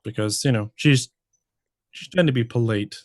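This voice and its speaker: A man's voice: medium pitch, normal speed, no echo. A man playing in a tabletop role-playing game, describing his character in a hesitant way. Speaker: player.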